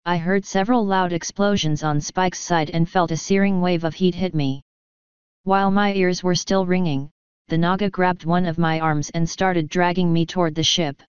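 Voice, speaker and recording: A woman's voice: fairly low pitch, smooth, no room sound. A woman steadily reading a first-person fan story aloud. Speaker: fanfiction reader. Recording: slightly muffled recording.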